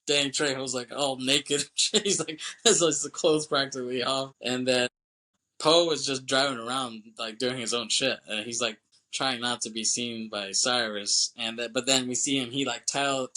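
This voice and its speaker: A man's voice: mid-range voice, bright, forceful tone, poor audio. A man co-hosting a movie podcast, casually retelling a film's plot with lots of profanity and acted-out lines. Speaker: podcast co-host.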